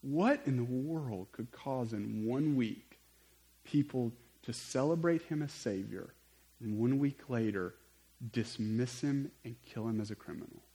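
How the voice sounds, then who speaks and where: A male pastor delivers a sermon in an animated, storytelling style. He speaks in a mid-range voice and talks to the congregation with casual asides. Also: medium pitch, a little slow, low-quality recording.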